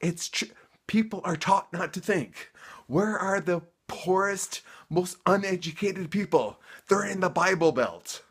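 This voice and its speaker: A man with a slightly higher-than-average voice rants straight to camera, worked up and emphatic. He leans on sarcasm and, when heated, stumbles and repeats words before pushing on. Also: unhurried, a bit bright, slightly rough. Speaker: vlogger.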